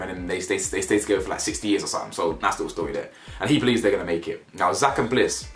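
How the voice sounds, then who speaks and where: A man giving blunt, slangy commentary on a reality show, repeating himself for emphasis. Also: lowish voice. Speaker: reality TV reviewer. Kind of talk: casual opinionated commentary. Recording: echoey room with faint music.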